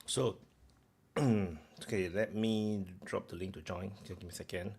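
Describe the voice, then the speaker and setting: A man with a deep, husky, slightly mellow voice runs a loose, rambling live stream at a moderate pace and an even tone. He talks to viewers, fills silences with chatter, and often uses fillers and restarts.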